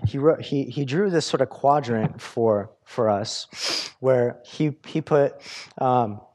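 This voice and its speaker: A man's voice: medium pitch, takes it slowly, a little mellow. A man preaching a sermon in a conversational way, with lots of fillers and restarts. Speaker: pastor.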